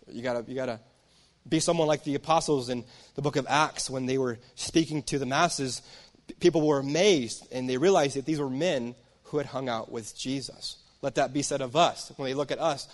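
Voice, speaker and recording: A man preaching a sermon in a conversational, storytelling way, often turning to the audience with asides. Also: mid-range voice. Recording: long reverb of a large hall.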